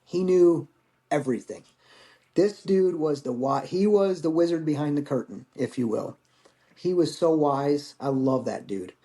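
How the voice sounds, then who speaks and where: A man's voice: a little high, animated, a little slow, mellow. A man in his forties, a veteran guest, telling stories in a candid, rambling way and swearing casually. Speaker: podcast guest, Marine veteran. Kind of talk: casual storytelling.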